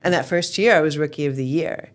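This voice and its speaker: A woman's voice: sits low, fast talker. A woman in her forties, the guest of an interview, telling her story candidly and animatedly, swearing freely. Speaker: real estate team founder, guest.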